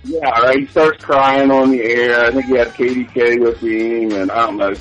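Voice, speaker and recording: A man's voice: medium pitch, steady tone, normal speed, over music, rough recording. A man co-hosting a casual talk show, loose and full of fillers. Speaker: show co-host. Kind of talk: casual radio chat.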